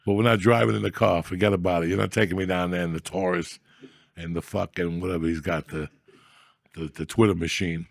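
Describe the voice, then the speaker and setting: A man's voice: low voice, fairly even intonation, fairly quick, creaky, no room sound, clean studio sound. A man hosting a comedy podcast, telling profane, rambling stories in crude casual banter.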